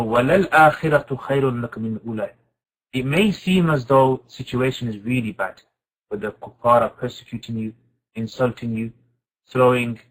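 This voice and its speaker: A man teaching an informal Quran class, asking his students questions and reciting Arabic verses quickly. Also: mid-range voice, rough recording. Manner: lively, asks the class questions and answers them.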